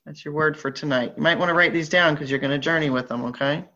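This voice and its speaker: A woman's voice: deep voice, fast talker, pushed and bright. Chatty Southern woman reading oracle cards. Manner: chatty, upbeat, playful asides. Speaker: spiritual group leader. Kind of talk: live online card reading. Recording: slightly dull lo-fi audio.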